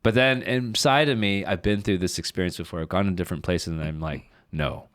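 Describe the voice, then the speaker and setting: A man's voice: low-pitched, fairly quick, fairly bright tone, smooth, no room sound, clean studio sound. A man co-hosting a podcast, talking candidly in rambling, casual chat, full of fillers and frequent swearing. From lives in Shanghai, China. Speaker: podcast co-host.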